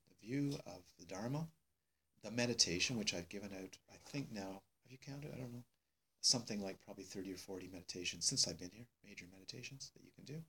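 A male meditation teacher giving a dharma talk to students, emphatic and unhurried, repeating phrases with many pauses. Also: lowish voice, fairly bright tone, breathy edge. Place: meditation hall.

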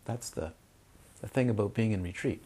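A man's voice: fairly low pitch, moderate pace, mellow, husky. A man, a meditation teacher, giving a dharma talk, telling stories with repeated phrases and acted-out quotes. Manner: storytelling with repetitions and acted-out quotes.

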